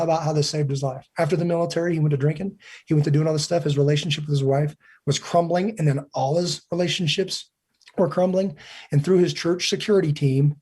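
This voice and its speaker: A man's voice: on the high side, mellow, slightly rough. A man in his forties, a podcast guest, telling earnest stories in casual conversation and acting out the dialogue. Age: 40s. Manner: earnest storyteller who acts out quoted dialogue.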